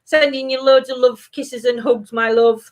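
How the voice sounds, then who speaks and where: Her voice sits high with a steady tone and a normal pace as she co-hosts a relaxed live-stream chat. The Sheffield-born woman, South Yorkshire accent and all, reads viewer comments, giggling and frequently breaking into laughter.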